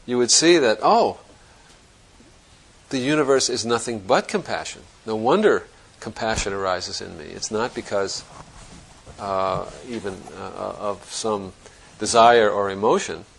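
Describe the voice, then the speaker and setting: Male Zen teacher with a low, gravelly voice, giving a searching dharma talk in a reflective way. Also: a little slow, a little hiss or hum, low-quality recording. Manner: reflective, searching, conversational with restarts.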